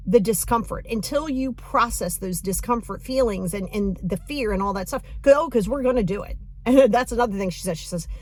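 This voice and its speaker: A woman hosting a podcast as a coach, talking casually and animatedly, laughing often as she retells what a client told her. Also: on the high side.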